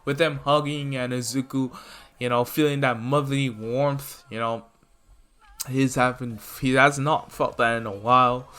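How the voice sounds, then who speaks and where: A man's voice: mid-range voice, steady tone, moderate pace, a bit bright, smooth. A man retelling a fan-fiction story in a loose, rambling casual way. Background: faint lofi music.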